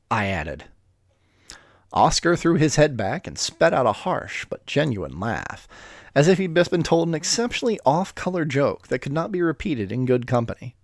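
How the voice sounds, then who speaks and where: A man's voice: mid-range voice, no echo, studio quality. A man reading a story aloud with a casual, profane, self-deprecating manner and offhand asides. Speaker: reader of stories.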